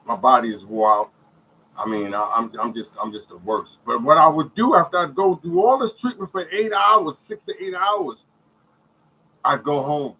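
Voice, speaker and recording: A man telling his own story in a casual, animated way, repeating phrases and checking in with listeners. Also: mid-range voice, slight background noise, rough recording. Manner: animated storytelling, many repeated phrases, often asks "you hear me". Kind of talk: casual spoken testimony.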